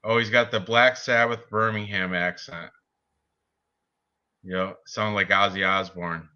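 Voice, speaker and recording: A man co-hosting a casual sports betting chat, talking excitably and laughing at his own jokes. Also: lowish voice, a little slow, smooth, highs cut off. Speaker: podcast co-host.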